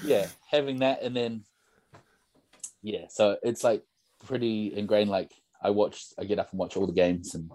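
A man's voice: lowish voice, steady tone, normal speed, dark tone, dry recording. A young man, a podcast guest telling stories in a casual, rambling way full of "like" and "bro". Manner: rambling storyteller, lots of "like" and "bro". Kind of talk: casual chat.

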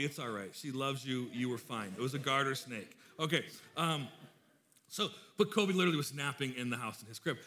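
A male pastor in his thirties delivers a sermon in a loose, conversational way. His voice sits a bit high, and he tells jokes and stories as he goes. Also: sharp tone. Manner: joking storyteller, chatty and informal.

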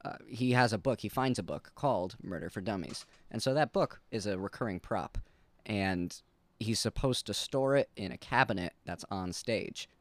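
A young man sits in as a podcast guest and chats easily. His voice sits fairly low, and he talks in an agreeable, relaxed way. The recording is close and dry. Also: moderate pace, no room sound. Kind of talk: casual chat.

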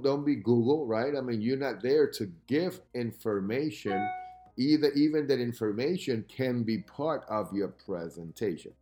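A man giving podcast talk as a sales coach, with an emphatic, lively delivery who keeps asking "right?" as he teaches. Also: medium pitch.

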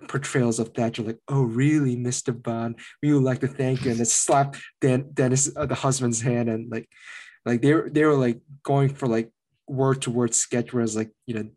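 A man's voice: mid-range voice, mellow. Guy on a movie podcast just rambling, lots of "like"s. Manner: rambling, many fillers like "like". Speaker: podcast co-host. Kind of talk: casual movie review chat.

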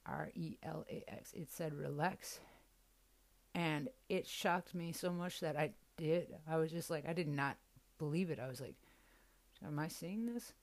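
A woman's voice: deep voice, steady tone, measured pace. A young woman hosting a podcast, telling a personal story in a candid, casual way and swearing freely. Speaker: podcast host.

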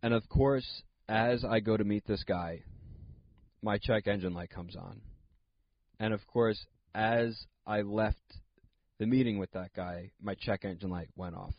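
Low-voiced young man telling a rambling story. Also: a little slow, no room sound. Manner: rambling, many fillers and asides. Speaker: comedian podcast host. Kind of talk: comedic solo podcast storytelling. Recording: dull lo-fi dry sound.

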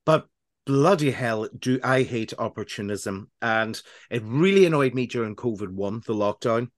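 A man hosting a relaxed radio chat show, his talk wandering and broken by laughs and restarts. His voice sits at a middling pitch and is recorded close and dry, with no room sound. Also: moderate pace, no room sound. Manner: chatty, rambling, laughs often, many restarts.

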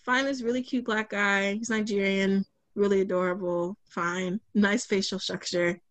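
A woman in her twenties, a podcast guest, telling a story in casual chat, animated and slangy, acting out the voices she quotes. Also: medium pitch, moderate pace, dry recording.

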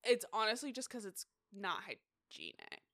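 A woman's voice: mid-range voice, wildly swooping pitch, moderate pace, a bit bright. A young woman co-hosting a podcast, telling stories in a chatty, giggly way. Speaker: podcast co-host. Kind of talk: casual chat.

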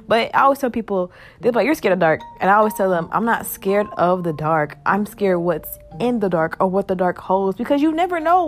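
A woman in her twenties hosting her own podcast, talking in a chatty, upbeat and animated way. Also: medium pitch. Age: 20s. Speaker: podcast host. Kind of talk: casual solo podcast chat.

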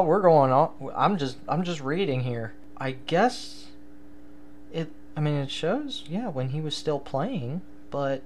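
A man's voice: fairly high pitch, animated, moderate pace, slight background noise. A young man hosting a casual solo sports podcast, rambling and self-deprecating, with many fillers and restarts. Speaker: podcast host.

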